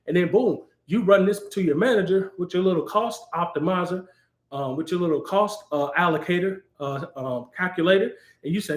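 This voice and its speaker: Animated, playful man on a livestream. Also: high-pitched, a little fast. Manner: animated, playful, acts out scenes. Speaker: cloud architect hosting a live Q&A. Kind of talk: casual livestream talk. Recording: roomy echo.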